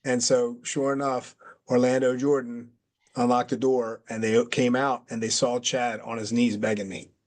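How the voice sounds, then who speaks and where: A man's voice: medium pitch, moderate pace. A middle-aged man, a retired pro wrestler, telling a story in a casual way with lots of fillers and acting out the quotes of the people in it. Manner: animated, acts out quotes, many fillers.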